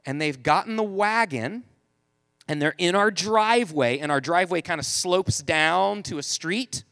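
High-voiced man telling funny stories. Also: lively intonation, measured pace, bright, forceful tone, no echo. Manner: loose, chatty, self-mocking, heavy use of "like". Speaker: speaker telling a family story to an audience. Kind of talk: humorous storytelling talk.

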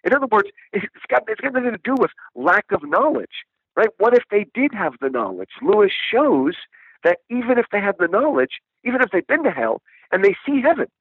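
A man's voice: sits high, big pitch swings, brisk, breathy edge, no echo. An enthusiastic man, a guest discussing a book, talking animatedly and asking rhetorical questions, over a dull, dry lo-fi recording. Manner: enthusiastic, rhetorical, repeats "right?".

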